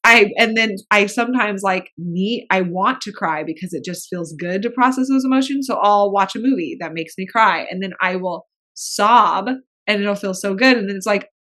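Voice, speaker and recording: A woman's voice: mid-range voice, moderate pace, a bit bright. A pregnant woman co-hosting a podcast, talking in a frank, chatty way and swearing casually. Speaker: podcast co-host.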